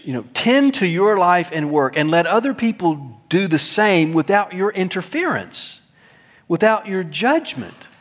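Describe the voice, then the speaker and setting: A man preaching a sermon as pastor, emphatic, swinging between loud stressed words and soft low asides, with touches of self-deprecating humor. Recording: long hall reverb.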